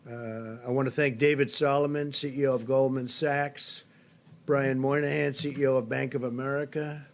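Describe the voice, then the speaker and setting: A man's voice: medium pitch, flat delivery, normal speed. An older man giving a press briefing at a podium microphone, repeating himself with emphatic superlatives. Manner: repetitive, emphatic, superlative-heavy delivery. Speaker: political leader giving a briefing. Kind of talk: spoken press briefing remarks. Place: briefing room.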